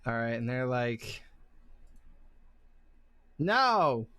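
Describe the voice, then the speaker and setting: Woman game master, bright smooth voice, unhurried, playful streamer patter. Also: low voice, no echo. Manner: playful, chatty, laughs between lines. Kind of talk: narrating a live-streamed tabletop game.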